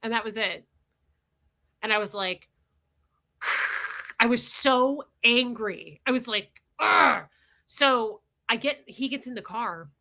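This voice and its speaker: A woman hosting a livestream, telling a personal story in a candid, blunt, animated way. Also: a little high, takes it slowly, pauses often. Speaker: livestream host.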